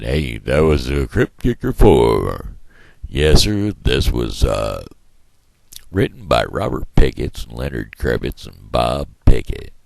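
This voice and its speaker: A man's voice: rumbling low, big pitch swings, slow, creaky, a little mellow, no room sound. A man talking in a casual, rambling monologue for his daily video blog, folksy and chatty.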